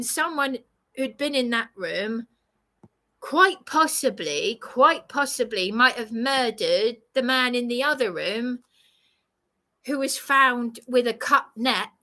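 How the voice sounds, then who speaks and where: Woman, high bright voice, wildly swinging pitch, indignant ranting monologue, swearing. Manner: indignant, swearing, voice rising to shouts. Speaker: vlogger.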